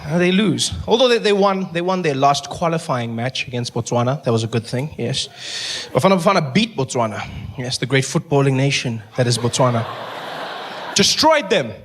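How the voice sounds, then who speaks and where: A man from South Africa with a South African accent, doing animated, mock-indignant stand-up comedy. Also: medium pitch, brisk. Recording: noisy live stage recording.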